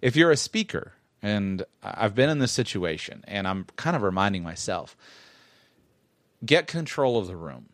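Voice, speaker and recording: A middle-aged man with a lowish voice talks close into a studio mic, the sound dry and near. He rambles through tips as a show host and keeps catching and correcting himself. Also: sing-song, normal speed, a bit bright, no room sound. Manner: chatty, rambling, self-correcting rant. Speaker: podcast host. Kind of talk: casual monologue with public speaking tips.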